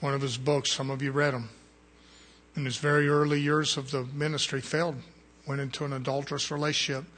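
A man preaching a fiery sermon, swinging from quiet asides to shouted peaks. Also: mid-range voice, little pitch movement, a little fast.

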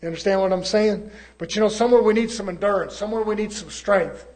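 A preacher from California, a man preaching a fiery sermon in a folksy way, swinging from loud to low. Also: fast talker.

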